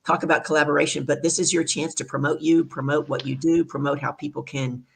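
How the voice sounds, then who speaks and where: A woman hosting an online talk show, telling a family story in a lively, chatty way, with many asides, over a video call. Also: low voice, fast, vocal fry. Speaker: show host. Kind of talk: conversational storytelling.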